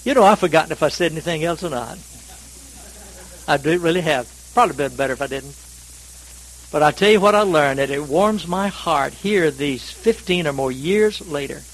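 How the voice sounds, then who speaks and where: A man from North Carolina, preaching a sermon in a folksy, self-deprecating storytelling manner with dramatic swings in pitch and volume. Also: animated, moderate pace, poor audio. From North Carolina, USA. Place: church service.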